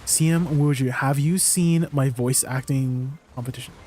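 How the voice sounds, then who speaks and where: A man's voice: medium pitch, fairly even intonation, moderate pace, a little mellow, slight background noise. A man chatting casually with his stream viewers, rambling and laughing often. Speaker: livestreamer.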